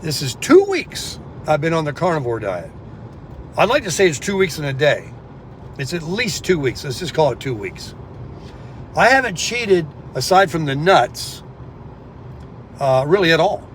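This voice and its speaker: A man with a slightly high voice chats rambly in a casual vlog, calling his viewers folks. He records on his phone outdoors in a sunny town, and there's a little hiss or hum.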